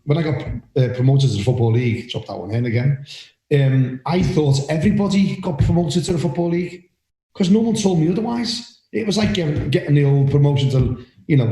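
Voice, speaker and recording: An older man with a Liverpool accent, chatting loudly and boisterously as a podcast co-host about refereeing. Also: a little high, brisk, echoey room, poor audio. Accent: Liverpool (Scouse). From Liverpool, England. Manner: loud, boisterous, rambling. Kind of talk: casual chat.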